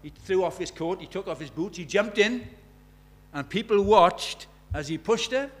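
An older man preaching an evangelistic sermon, impassioned, dropping to a hush and then rising loud. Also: high-pitched, animated, moderate pace. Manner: impassioned, swings from hushed to loud.

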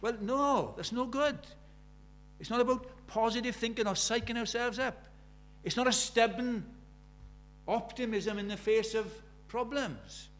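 Older male preacher, high-pitched, earnest sermon delivery with soft asides and fervent peaks. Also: a little slow. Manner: earnest, swinging between soft and emphatic, acts out quoted prayers.

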